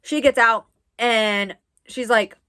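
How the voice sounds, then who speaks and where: A woman's voice: fairly high pitch, fairly even intonation, slow, sharp tone, smooth. Chatty young woman telling a story. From US East Coast. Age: 20s. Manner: chatty, rambling with frequent "like". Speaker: vlogger. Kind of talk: casual story time.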